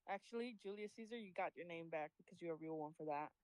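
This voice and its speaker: A woman on a voice call, telling a story in a heated, profane, animated way. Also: fairly low pitch, fast talker, no echo, rough recording. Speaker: stream guest. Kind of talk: casual chat, storytelling.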